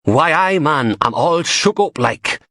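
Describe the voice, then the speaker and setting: A man's voice: on the high side, expressive, slow, sharp tone, no echo, clean studio sound, pitched above the performer's own voice, exaggerated voice. A man voicing a big, mocking male heavy with a Geordie accent, in an audiobook. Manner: mocking, brutish.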